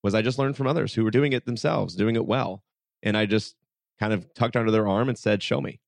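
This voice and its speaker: A podcast guest with a lowish, creaky voice talks fairly quickly, telling stories in a casual, animated way during an interview. He acts out the dialogue and says "like" a lot, and the recording is dry.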